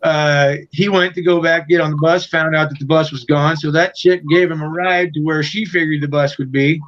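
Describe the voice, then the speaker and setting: A man's voice: fairly high pitch, steady tone, moderate pace, a bit bright, muffled recording. Profane, rambling man telling a road story. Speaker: guest musician. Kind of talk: casual anecdote in an interview.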